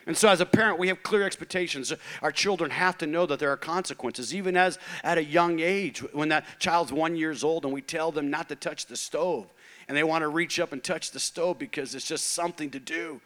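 A man's voice: a little high, fairly quick, fairly bright tone. Earnest man preaching. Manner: earnest, emphatic, repeats words. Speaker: pastor. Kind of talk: sermon.

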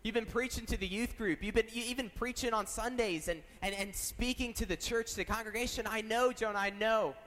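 A man's voice: high voice, fairly quick, hardly any pauses, fairly bright tone. A man voicing a country pastor, plain and reassuring, in a reverberant hall. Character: small-town country pastor, matter-of-fact and encouraging, middle-aged man.

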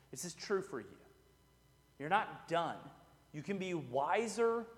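Animated pastor preaching in a hall. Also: male voice, a little high. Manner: conversational, animated, with frequent "right?" asides and restarts. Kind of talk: sermon. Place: church sanctuary. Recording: reverberant church hall.

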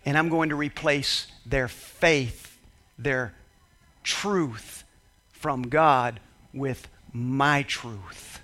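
A man's voice: mid-range voice, extremely slow, pushed and bright, pitched below the performer's own voice. A man voicing the devil as a scheming, gloating spirit in his sermon.

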